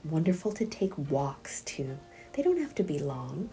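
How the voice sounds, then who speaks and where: A middle-aged woman teaching a prenatal yoga class, speaking gently and softly, often half-whispered, and counting breaths aloud. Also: sits low, big pitch swings, a little slow, creaky, a little hiss or hum. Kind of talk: guided yoga class instruction.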